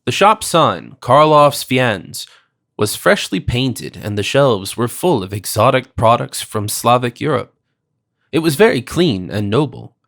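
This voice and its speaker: Measured male audiobook narrator. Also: mid-range voice, animated, gravelly, fairly bright tone. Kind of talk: scripted first-person narration.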